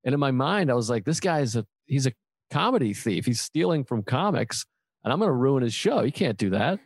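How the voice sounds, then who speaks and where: A male comedian tells a candid, self-mocking story in relaxed conversation, acting out what he said back then. His voice has a middle pitch, recorded close and dry. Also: brisk, slightly rough, dry recording. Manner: candid, self-mocking, quotes himself with profanity. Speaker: comedian podcast host. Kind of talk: casual storytelling chat.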